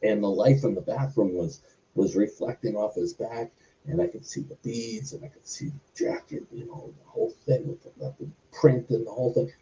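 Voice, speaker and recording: A wrestler telling a long backstage story in an interview, rambling with many fillers. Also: male voice, on the low side, very animated, moderate pace, creaky, dark tone, a little hiss or hum. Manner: rambling, filler-heavy anecdotes. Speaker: wrestler guest. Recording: muffled lo-fi recording.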